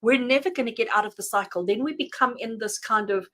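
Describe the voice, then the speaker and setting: Chatty tarot reader woman, higher voice. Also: fast, rough recording. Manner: chatty and animated, laughs often; addresses viewers warmly by name. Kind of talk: live-streamed tarot reading.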